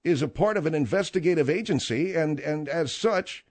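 A man's voice: on the high side, animated, normal speed, darkish tone. A man hosting a talk radio show, delivering a combative, rambling and sarcastic monologue.

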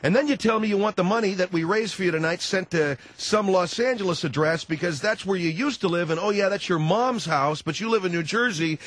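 A male radio talk show host who grills a caller with sarcasm and rapid-fire questions. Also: high voice, fairly bright tone, no room sound.

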